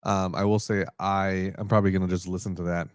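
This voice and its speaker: A man co-hosting a podcast, chatting casually in a relaxed, rambling way and often correcting himself. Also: low-pitched, fast, smooth, no room sound, studio quality. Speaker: podcast co-host. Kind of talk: casual chat.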